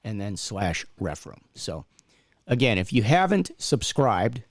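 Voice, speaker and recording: A man's voice: on the low side, very animated, a little slow, no echo. A man co-hosting a casual referee talk stream, chatty and plugging the channel. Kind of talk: casual live-stream chat.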